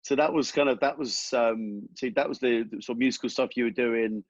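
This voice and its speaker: A man hosting an interview, asking relaxed, hesitant questions. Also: mid-range voice, brisk, no echo, muffled recording. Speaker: interviewer host. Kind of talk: casual interview chat.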